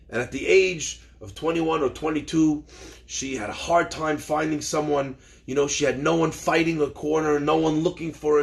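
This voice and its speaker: A man's voice: on the high side, vocal fry. Earnest man telling a sermon story. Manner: earnest, emphatic. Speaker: Torah lecturer.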